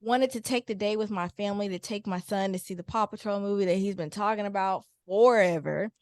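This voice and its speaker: A young adult woman, a mother and podcast guest, telling a story in a casual, candid and animated way. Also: mid-range voice, a little fast, dry recording, studio quality. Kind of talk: casual chat.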